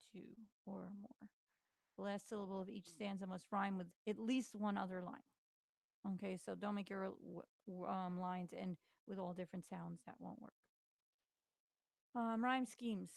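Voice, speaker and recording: A woman's voice: medium pitch, vocal fry, a little mellow, no echo. A tired woman teacher giving a casual recorded lesson, talking informally with lots of fillers. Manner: chatty, informal, many fillers.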